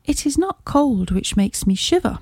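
A frightened young woman, voice raised high and tremulous, pleading with fear, as a woman reader plays her. Her tone stays mellow under the strain, recorded dry and close. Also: sing-song, normal speed, no room sound. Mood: fearful. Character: frightened young woman of thirty, terrified client.

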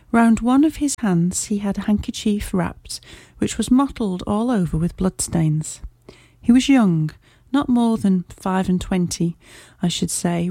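Mellow-voiced woman narrating a classic story. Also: mid-range voice, no room sound. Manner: measured, clear storytelling. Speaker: audiobook narrator. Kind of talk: first-person audiobook narration.

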